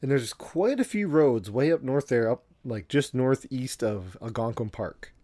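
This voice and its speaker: A man's voice: medium pitch, lively intonation, unhurried, dark tone, dry recording. A man co-hosting a podcast, talking in a hesitant, casual way with lots of fillers. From Canada. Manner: hesitant, with many fillers and laughs. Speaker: podcast co-host.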